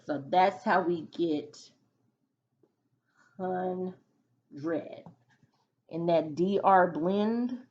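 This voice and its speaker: A woman's voice: on the low side, lo-fi sound. A woman teaching a phonics lesson to children, patiently sounding out letters and syllables one by one.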